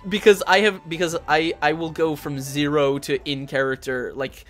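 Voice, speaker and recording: Chatty host with a bright voice. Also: male voice, fairly high pitch, flat delivery, normal speed, soft background music. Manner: rambling, many restarts, bursts into put-on voices. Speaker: host and dungeon master. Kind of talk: casual live-stream chat.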